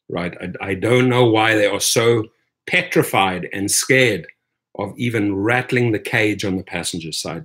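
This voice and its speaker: A man's voice: on the low side, a bit bright. A man from Washington, D.C. hosting a live stream, speaking emphatically, tagging "right?" onto his points and calling viewers "my friends". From Washington, D.C., USA. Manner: emphatic, keeps adding "right?". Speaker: rideshare channel host. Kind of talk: live stream commentary, reading chat.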